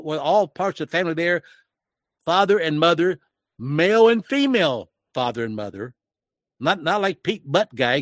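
A man in his sixties, his voice on the high side, offers emotional, preachy commentary in the style of a sermon, rising in pitch as he gets worked up. The recording is dry, with clean studio sound.

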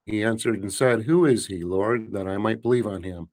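A man hosting a program who reads the Bible passages aloud in a measured way. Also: lowish voice, darkish tone. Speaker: host. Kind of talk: scripture reading and casual hosting.

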